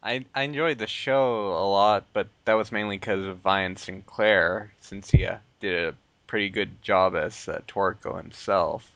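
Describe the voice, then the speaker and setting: A man's voice: low-pitched, a little slow, few pauses, fairly bright tone, dry recording. A man hosting a casual podcast chat, laid-back, chuckling often and trailing off mid-thought. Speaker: podcast host.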